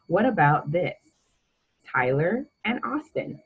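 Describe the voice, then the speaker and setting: A woman's voice: lowish voice, sing-song, slow, husky, phone-quality sound. A woman teaching a grammar lesson to children, patient and encouraging as she quizzes the listener.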